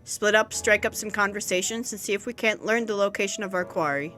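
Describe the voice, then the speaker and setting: A woman voicing a wry, practical male rogue with a brisk manner. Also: medium pitch, pushed and bright, soft background music, lightly acted.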